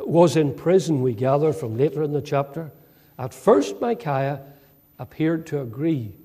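Husky-voiced man preaching an expository sermon. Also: fairly high pitch, warm tone. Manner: measured, with dramatic quoted speech and frequent "uh" fillers. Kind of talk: sermon, expository Bible teaching.

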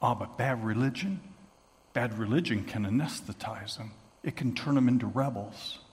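A man preaching a sermon as a story, moving from hushed tones to shouting. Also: mid-range voice, normal speed, big-room sound. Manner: dramatic, swings from hushed to shouting.

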